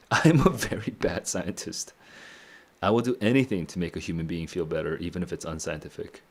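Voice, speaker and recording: A man reading a novel aloud and reacting to it, thinking out loud and often chuckling. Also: sits low, moderate pace. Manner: musing aloud, frequent chuckles. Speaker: book club streamer.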